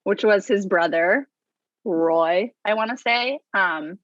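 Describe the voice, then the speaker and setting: A woman's voice: mid-range voice, slow, no echo, lo-fi sound. A woman in a casual business chat, explaining her work in a chatty way, laughing often. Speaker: business integrator, co-host.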